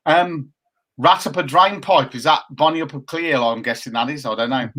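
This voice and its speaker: A man's voice: on the high side, moderate pace, pushed and bright. A man in his fifties co-hosting a casual live chat show, chatty and jokey as he reads out viewer comments. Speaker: co-host.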